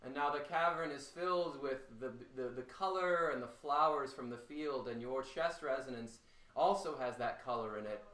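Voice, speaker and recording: A man leading a guided voice warmup as a voice teacher, talking in a slow, calm way. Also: mid-range voice. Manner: slow, calm guiding, with loud called-out "hey"s. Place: home room during the pandemic. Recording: echoey room, mic at a distance.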